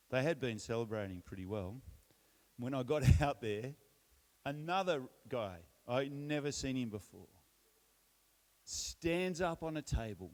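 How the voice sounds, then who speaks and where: Middle-aged aussie guy, church testimony, laid-back storytelling, restarts a lot, mid-pitched voice. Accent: Australian. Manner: relaxed storytelling with self-deprecating humor and frequent restarts. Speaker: church speaker. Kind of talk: personal testimony in a sermon.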